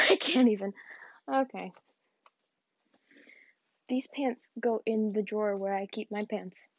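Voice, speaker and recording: A woman's voice: medium pitch, slow pace, dry recording. A young woman from the American South, rambling in a casual vlog with self-mocking, giggly asides while she tidies up. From Southern United States. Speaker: vlogger. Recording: dull, dry lo-fi recording.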